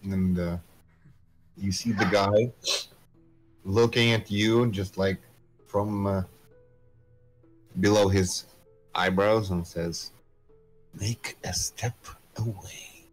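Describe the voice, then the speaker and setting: A man's voice: sits low, steady tone, slow, pauses often, faint music behind, rough recording. A man narrating as game master of a tabletop game, hesitant and full of fillers.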